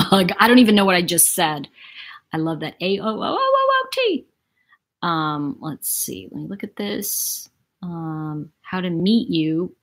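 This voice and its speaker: Chatty woman hosting a livestream. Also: lowish voice. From New York City. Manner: chatty, animated, reads out viewer comments. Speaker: livestream host. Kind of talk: casual live-chat monologue.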